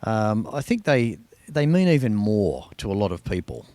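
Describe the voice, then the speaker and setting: A man's voice: lowish voice, big pitch swings, moderate pace, warm tone, no echo. An Australian man hosting a car show, chatting casually and enthusiastically as he tours a collection. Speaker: host.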